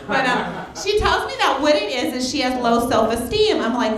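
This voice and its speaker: A woman delivers a stand-up set at a quick, brassy clip, her high voice bouncing all over the place. She is recorded on a club stage, with a roomy echo and a crowd laughing loudly behind her. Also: lively intonation. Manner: rapid, brassy delivery with big quoted voices. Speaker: stand-up comedian. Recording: echoey club with audience laughter.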